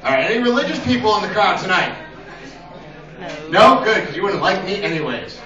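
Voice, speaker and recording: A man works a small open-mic stage with crude, rambling stand-up, now and then acting out voices. His voice sits high and bright. The lo-fi recording catches him from a distance in a roomy space. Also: very animated, a little fast. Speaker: stand-up comedian.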